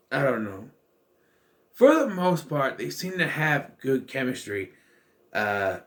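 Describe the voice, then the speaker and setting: A man's voice: medium pitch, fairly bright tone. Rambling, wry male movie reviewer. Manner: rambling, with many fillers and restarts; wry, sarcastic. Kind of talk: casual spoken film review.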